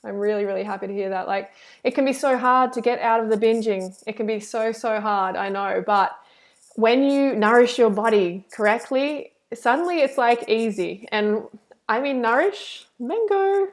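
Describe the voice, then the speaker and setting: Woman, reaction commentary, animated, preachy, slightly high pitch. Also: normal speed. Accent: Australian. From Australia. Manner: animated, preachy, lots of "like" and "you know". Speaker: YouTuber reacting to a video. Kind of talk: reaction commentary with live chat.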